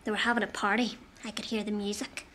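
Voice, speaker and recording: A woman's voice: medium pitch, flat delivery, fast talker, sharp tone. An actress playing a prim, self-righteous teenage schoolgirl in a sitcom. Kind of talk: broadcast sitcom acting.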